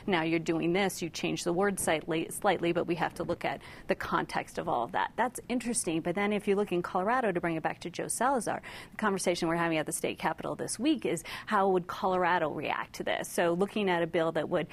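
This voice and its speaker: Woman on a politics panel, low voice with lots of vocal fry, explains things thoughtfully. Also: quick pace.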